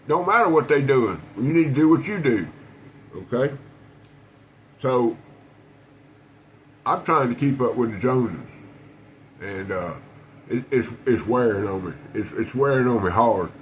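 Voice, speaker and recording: A man's voice: mid-range voice, animated, unhurried, pauses often, a little hiss or hum, rough recording. A man talking casually to camera about his knife collection, rambling and folksy, with frequent restarts. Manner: folksy, rambling storyteller with many restarts and fillers.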